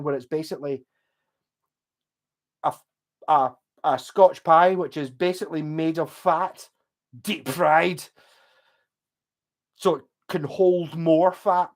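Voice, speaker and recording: A man with a posh Glasgow accent, rambling and swearing casually as he chats on a livestream. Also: a little high. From Scotland. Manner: chatty, swears, wanders between stories. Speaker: livestream host.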